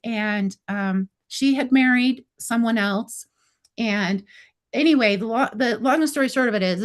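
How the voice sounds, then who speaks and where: A middle-aged woman with a high-pitched voice tells a long personal story in a relaxed, conversational way. She keeps acting out the dialogue, slipping into the voices of herself and others with "I was like" and "he's like.". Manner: animated, acts out quoted dialogue with lots of "I was like". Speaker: guest telling her story. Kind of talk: casual storytelling.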